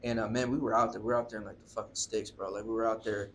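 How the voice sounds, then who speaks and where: A man's voice: lowish voice, level tone, rapid-fire, fairly bright tone, slight background noise. A young man, a musician guest telling a story in a casual interview, rambling with lots of fillers and swearing. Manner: rambling, profane, filler-heavy.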